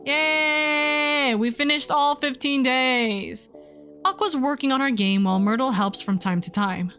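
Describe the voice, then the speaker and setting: Hoarse woman streamer reading game dialogue. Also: on the high side, moderate pace, a bit bright. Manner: chatty, reads game lines aloud between asides. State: slightly hoarse, losing her voice. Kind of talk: live gameplay commentary, reading dialogue aloud. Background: faint game music.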